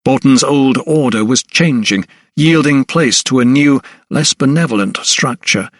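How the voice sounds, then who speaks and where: A man reading a historical mystery audiobook in a measured, even manner. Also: mid-range voice, no room sound, clean studio sound. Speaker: audiobook narrator. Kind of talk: scripted narration.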